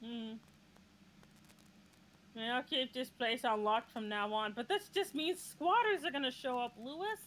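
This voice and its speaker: A woman streamer hosting a casual gaming chat, chatty and excitable, laughing often. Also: high-pitched, unhurried, long pauses, a little hiss or hum, rough recording. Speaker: streamer host.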